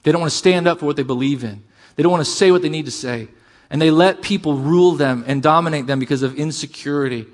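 Animated male pastor preaching. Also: a little high, fast. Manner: animated, swings from loud emphasis to quiet asides. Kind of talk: sermon.

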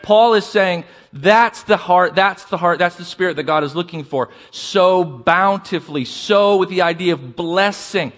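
A man preaching a sermon as pastor, asking the congregation for responses and slowing down to stress key words. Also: high voice, a bit bright.

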